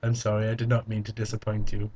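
A man's voice: lowish voice, monotone, quick pace, warm tone, husky. Joking young man, lo-fi. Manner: joking and playful. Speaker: vlogger. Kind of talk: casual chat answering viewer questions. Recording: slightly dull lo-fi recording.

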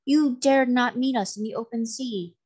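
A woman's voice: on the high side, moderate pace, a little mellow, pitched above the performer's own voice, lightly acted. A woman reading aloud, voicing a proud, defiant mermaid queen who speaks firmly. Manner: firm, proud.

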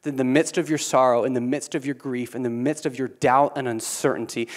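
A man preaching a sermon, earnest, often repeating words as he restarts, dropping quiet and then building to emphatic peaks. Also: medium pitch, steady tone, brisk, few pauses. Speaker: pastor.

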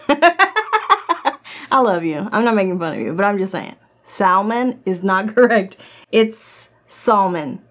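A woman's voice: mid-range voice, big pitch swings, takes it slowly, pauses often, fairly bright tone. Woman, non-native English speaker, casual review host: blunt, laughs often, swears freely, recorded at home. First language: not English. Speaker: host of a product review channel. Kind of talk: casual product review vlog. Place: indoors at home, in her office.

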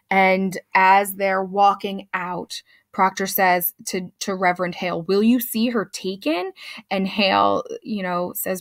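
A woman's voice: mid-range voice, vocal fry, dry recording, clean studio sound. A young woman teacher summarizing a play for her class in a casual, chatty way, loosely paraphrasing the characters.

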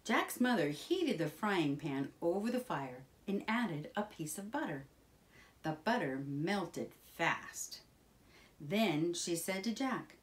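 Slow, expressive woman reading aloud. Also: on the low side. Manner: slow, expressive, sing-song. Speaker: children's book reader. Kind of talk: children's storybook read-aloud.

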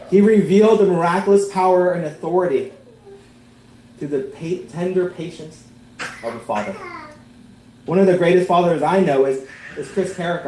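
A man preaching a sermon as pastor, earnest, swelling to emphatic peaks and then dropping to soft, tender lines. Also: on the high side, reverberant, slight background noise, poor audio.

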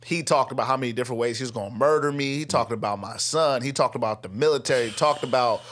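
Talking fast in a podcast studio, a young rapper and army veteran shares an animated story in slangy speech, voicing what others said at a raised volume. His voice sits in the mid-range with a slightly bright tone.

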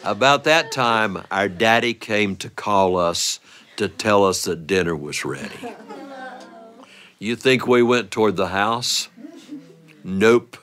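A man performing a playful family story for listeners, animated and often breaking into laughter. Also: fairly low pitch, slow, pauses often.

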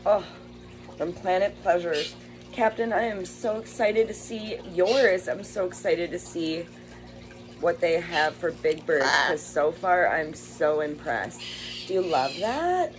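A woman's voice: fairly low pitch, rough recording. A woman chatting casually while unboxing bird toys, gushing over them and talking to her pet birds at home. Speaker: bird rescue vlogger.

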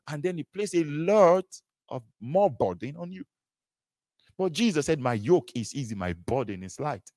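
A man delivers a sermon with animated, repetitive emphasis and frequent rhetorical questions. His pitch rises and falls widely as he presses each point. The sound is dry, with no room echo. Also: moderate pace. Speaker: preacher.

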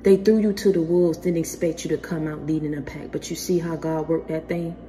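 Deep-voiced woman giving a spiritual pep talk. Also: fairly even intonation, brisk, mellow, a little hiss or hum. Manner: earnest, slangy, calls listeners baby. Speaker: spiritual motivational speaker.

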